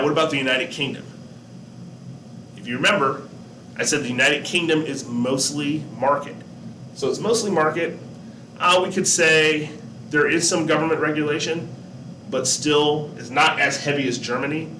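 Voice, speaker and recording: A man teacher giving a relaxed classroom lesson, talking to his students, asking them questions and joking along the way. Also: medium pitch, background noise. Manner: chatty, asks students questions, jokes. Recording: echoey room, distant mic, faint background.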